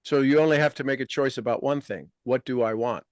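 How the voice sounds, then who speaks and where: A man hosting a casual podcast conversation as a life coach, talking in an emphatic, blunt and animated way. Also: mid-range voice, quick pace, no room sound, studio quality.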